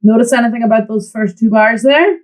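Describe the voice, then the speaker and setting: Encouraging flute teacher. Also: female voice, fairly high pitch, fairly quick, a little mellow, soft background music, rough recording. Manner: encouraging, counts in the student. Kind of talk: online music lesson.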